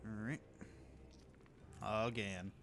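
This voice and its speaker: A man running a tabletop game as game master, relaxed and unhurried, with many fillers. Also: lowish voice, soft background music.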